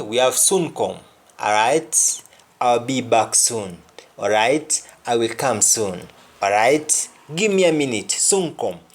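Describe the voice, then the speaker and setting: Very low-voiced woman teaching slowly. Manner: slow, repeats each phrase and its reply. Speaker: language teacher. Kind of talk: patois language lesson.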